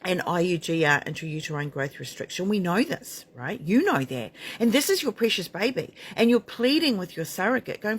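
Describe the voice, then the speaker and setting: A woman's voice: fairly low pitch, sing-song, normal speed, few pauses, breathy edge. A middle-aged woman midwife giving a frank, emphatic talk to camera, blunt and candid. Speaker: midwife and maternity author.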